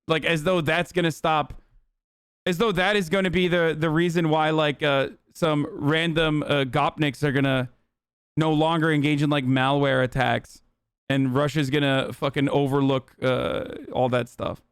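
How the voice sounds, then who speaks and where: A man's voice: a little high, level tone, normal speed, clean tone, no room sound, studio quality. A man hosting a livestream, giving blunt, profane, rambling political commentary full of fillers. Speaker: livestream host.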